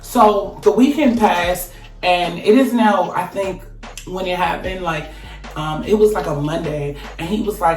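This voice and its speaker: A woman recounting a personal story in a casual, profane, emphatic way, her voice often climbing loud. She sits a little back from the mic in an echoey room with faint music behind. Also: on the low side, a little slow, far from the mic. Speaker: vlogger.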